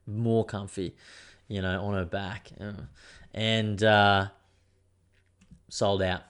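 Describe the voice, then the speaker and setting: A man's voice: lowish voice, level tone, slow pace, fairly bright tone, smooth. Sweary, rambling man. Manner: rambling, sweary and laid-back. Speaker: podcast host. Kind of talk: casual chat.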